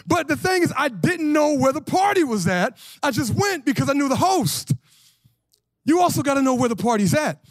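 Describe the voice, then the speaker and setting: Male pastor in his 40s, very high voice, dry close sound, casual slangy sermon. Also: normal speed, no room sound. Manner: animated, slangy, asks the congregation questions. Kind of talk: lively conversational sermon.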